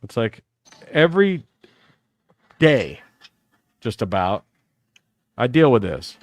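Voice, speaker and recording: A man's voice: mid-range voice, slow, no echo. A middle-aged man from the United States hosting a live talk show, telling rambling stories and acting out what other people said. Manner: animated storytelling, acts out other people's lines. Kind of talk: rambling live-stream monologue.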